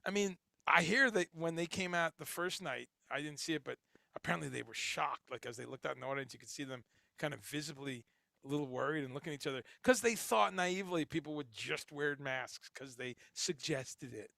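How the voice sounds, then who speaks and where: A middle-aged man hosts a casual livestream, rambling and swearing as he reads chat comments aloud; he grew up in Chicago and Guyana in the Caribbean, and later New Jersey. His voice is a little high, gravelly, pushed and bright, and he talks fairly quickly. The recording is dry, with clean studio sound.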